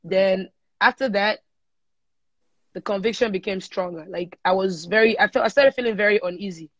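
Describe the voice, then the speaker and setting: A young woman with a Nigerian accent tells her story in a relaxed interview, dropping into pidgin as she goes. She speaks into a phone on a live stream, so the audio sounds muffled and lo-fi. The room is dead, with no echo. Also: medium pitch, normal speed. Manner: lively storyteller mixing in pidgin. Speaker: singer guest. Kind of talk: casual interview chat. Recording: dull lo-fi livestream audio.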